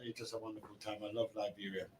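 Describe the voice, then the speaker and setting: An older man speaking softly and fondly, with low energy. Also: level tone, quick pace, a little hiss or hum.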